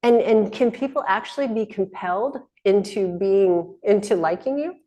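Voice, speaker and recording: A woman's voice: mid-range voice, moderate pace, dark tone, dull audio. A middle-aged woman hosting a casual spoken teaching talk, rambling along with frequent restarts and laughs. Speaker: host.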